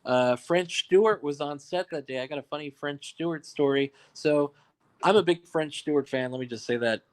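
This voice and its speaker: Joking New York filmmaker telling stories. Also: male voice, on the high side, normal speed. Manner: joking, ball-busting, laughs at own stories. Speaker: guest filmmaker. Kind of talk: casual interview storytelling.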